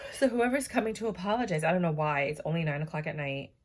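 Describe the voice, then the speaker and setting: A woman's voice: deep voice, lively intonation, quick pace. A woman giving a casual, chatty tarot reading to her viewers, tired and yawning, with many fillers and asides. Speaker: tarot reader.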